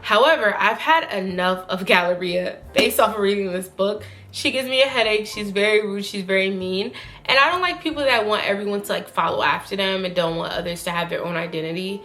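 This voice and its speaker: A woman giving casual, opinionated commentary to her viewers, animated and emphatic. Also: mid-range voice. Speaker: YouTube commentator.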